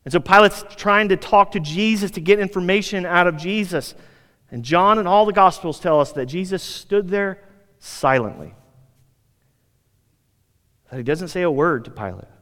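A male American pastor delivers a sermon in a loose, conversational way, punching key words and dropping into the voices of the people he describes. His voice sits a little high for a man, and it rings out with a long reverb that fills the hall. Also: fairly bright tone. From United States. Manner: conversational, emphatic, acts out quoted speakers.

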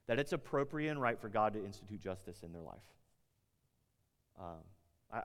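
Male pastor, casual preaching voice with big swings from loud emphasis to quiet asides, long reverb. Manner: conversational preaching, rising loud on emphasis then dropping low. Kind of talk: sermon. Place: large room with an audience.

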